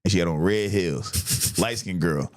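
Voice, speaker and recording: A young man hosting a casual chat, telling a story animatedly and jumping high to act out his friends. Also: a little slow. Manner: animated, acts out friends' voices in a high pitch. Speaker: podcast host.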